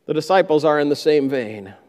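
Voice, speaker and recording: A man's voice: on the high side, animated, brisk, darkish tone, in a large hall. A man preaching a sermon, who acts out the disciples' complaints in a raised voice. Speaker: pastor.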